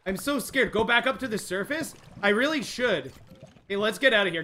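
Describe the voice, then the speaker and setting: A young man streaming a game live, jumpy and excitable, talking straight to his chat. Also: high voice, fairly quick, a little hiss or hum. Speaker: gaming livestreamer. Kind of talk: live let's-play commentary.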